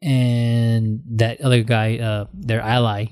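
A man's voice: medium pitch, slow, clean tone. A man in casual film chat, rambling with many restarts and acting out lines from scenes. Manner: rambling, animated, acts out quotes.

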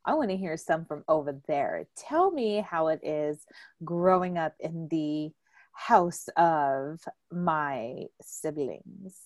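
A deep, slow female voice belongs to a young adult podcast host running a casual family chat. Animated and laughing often, she tells stories and loudly acts out what people said. It's a dry, studio-quality recording.

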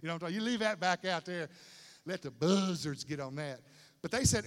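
A man preaching a sermon in a lively, conversational way with slang asides, in a large stadium. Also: high voice, brisk. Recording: long hall reverb.

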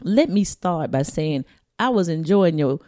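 A woman co-hosting a casual podcast, sassy and animated, laughing often as she reads a listener email. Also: lowish voice, unhurried, dry recording, studio quality. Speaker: podcast co-host.

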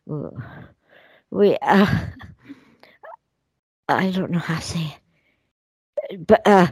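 A woman's voice: lowish voice, darkish tone, breathy edge, no room sound. A woman hosting a spiritual radio talk show, speaking in a soothing, reassuring way as she passes on messages. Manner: soothing, reassuring, drawn-out phrasing.

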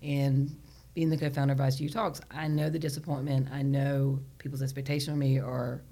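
A woman's voice: very deep voice, flat delivery, a little fast, mellow. A woman from Charlotte who co-hosts the podcast, chatty and self-deprecating as she asks the guest questions. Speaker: podcast co-host. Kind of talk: casual interview conversation.

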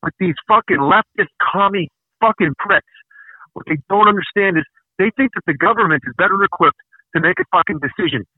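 A man's voice: sits high, brisk, husky, dry recording. A man hosting a podcast, ranting angrily and profanely with lots of emphatic repetition. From Canada. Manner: angry, profane, emphatic ranting with repeated words. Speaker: podcast host. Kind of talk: casual podcast rant. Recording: tinny phone-like dry sound.

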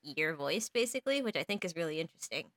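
A woman's voice: low voice, sing-song, fast talker, a bit bright, dry recording. A woman cast member of a podcast chatting casually and enthusiastically. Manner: enthusiastic, laughs often. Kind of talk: casual chat.

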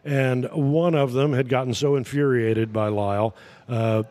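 A man's voice: medium pitch, fairly even intonation, mellow. Rambling storytelling man, guest. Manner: rambling, halting with fillers, chuckles through punchlines. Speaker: podcast guest. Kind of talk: casual anecdotal storytelling.

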